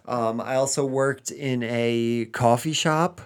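A man's voice: medium pitch, takes it slowly. A man from the United States co-hosting a casual podcast chat, hesitant, with frequent ums and restarts. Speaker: podcast co-host.

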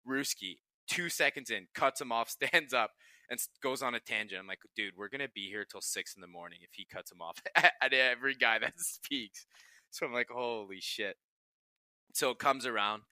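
A man's voice: mid-range voice, moderate pace, pushed and bright, dry recording. A young man, a pro hockey player and podcast co-host, telling profane, laughing stories in casual chat.

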